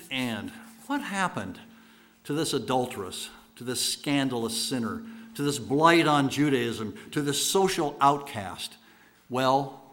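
Man preaching in a dramatic storytelling voice. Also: medium pitch. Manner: rhetorical repetition, swinging between loud bursts and hushed lines.

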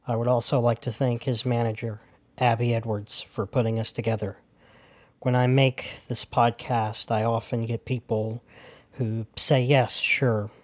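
A man's voice: medium pitch, a little mellow. Sincere male podcast host narrating. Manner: sincere, measured, heartfelt.

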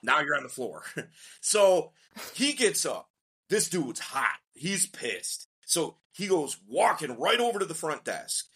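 A man, a dating coach on a podcast, telling a story in a casual, slangy way and acting out the quotes with lively energy. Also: on the high side, takes it slowly, husky. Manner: animated, slangy storyteller who acts out quotes.

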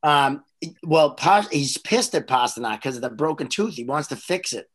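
A comedian, telling stories in casual chat with frequent restarts. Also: male voice, fairly high pitch, moderate pace. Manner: rambling, animated storyteller with restarts. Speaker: comedian host.

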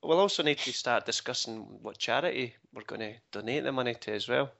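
A man's voice: medium pitch, brisk, creaky, a bit bright, muffled recording. A man hosting a podcast, joking in casual banter and often restarting his sentences. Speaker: podcast host.

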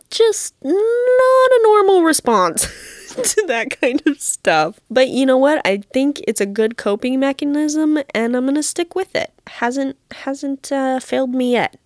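A woman's voice: on the high side, dry recording. Young woman, podcast host, casual storytelling, self-deprecating, giggly, dry recording. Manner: chatty, self-deprecating, laughs often.

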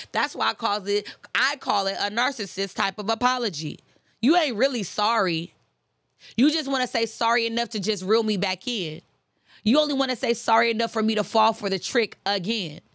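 A woman talks casually about forgiveness, in a chatty, emphatic, preaching way, and hammers her points home by repeating them. Her mid-pitched voice has a gravelly fry. The sound is close and dry. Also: fairly bright tone, dry recording. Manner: chatty and emphatic, preaching asides, laughs often. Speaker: host. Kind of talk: casual faith-based talk on forgiveness.

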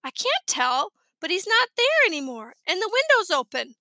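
A stubborn little boy from a storybook, high and whining, as a woman reader puts him on. His voice is bright and sharp, recorded close and dry. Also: big pitch swings, normal speed, no room sound, heavily acted. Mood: insistent. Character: small boy, stubborn and cheeky.

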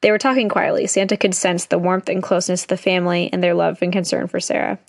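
Young woman reading stories out loud, chatty and jokey, dry close sound. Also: lowish voice, level tone, fast talker, creaky, no room sound. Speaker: storyteller reading aloud. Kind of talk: casual read-aloud storytelling.

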